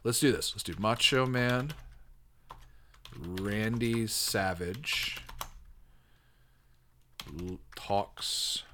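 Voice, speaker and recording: A man hosting a show, chatting casually and reacting with excited laughs and swearing as he types prompts. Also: fairly low pitch, very slow, pauses often, slight background noise. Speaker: podcast host. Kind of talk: casual commentary while typing prompts.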